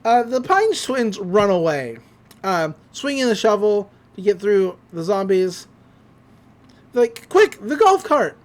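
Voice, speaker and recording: Podcast host: animated, laughing storyteller, lively pitch. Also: slow pace. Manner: animated storytelling, laughs often, slips into character voices. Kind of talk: casual episode recap.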